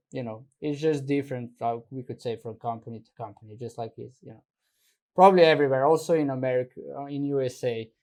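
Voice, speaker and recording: A man's voice: mid-range voice, warm tone. Man hosting a casual talk. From Slovenia. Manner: searches for words, frequent backchannel murmurs. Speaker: talk show host. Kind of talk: casual interview chat.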